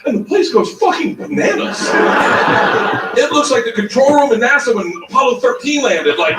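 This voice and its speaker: Profane high-voiced stand-up comic, roomy. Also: male voice, moderate pace. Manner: profane, animated, bursts into shouting. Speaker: stand-up comedian. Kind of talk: stand-up storytelling. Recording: roomy far-off stage recording with noise.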